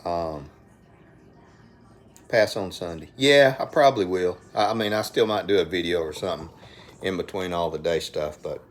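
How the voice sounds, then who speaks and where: A man's voice: sits low, normal speed. A middle-aged man with an Alabama accent, rambling in a folksy way as he hosts a casual live stream from his phone at home. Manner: folksy, rambling, talks to viewers by name. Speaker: livestream host.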